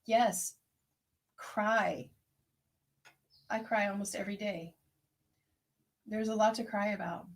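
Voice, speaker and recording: A woman herbalist hosting an online tea circle, speaking in a gentle, unhurried, prayerful way as she reflects and reads out messages. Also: medium pitch, fairly even intonation, vocal fry. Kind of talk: reflective spoken meditation and chat reading.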